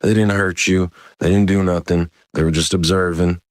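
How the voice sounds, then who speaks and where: A man voicing a middle-aged father calmly reassuring his scared son. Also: low voice, normal speed, no room sound, clean studio sound, close to an everyday voice.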